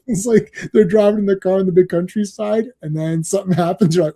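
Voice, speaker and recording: A man's voice: sits high, fairly quick, vocal fry, mellow. A man hosting a live stream in casual chat, rambling, laughing often and swearing freely. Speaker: streaming show host.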